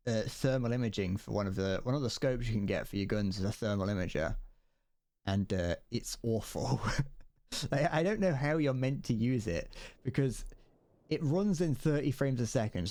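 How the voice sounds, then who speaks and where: A man's voice: mid-range voice, a little mellow. Rambling young male game streamer. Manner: rambling, joking, often laughing at himself. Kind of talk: casual gameplay commentary. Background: gunfire and explosions from the game.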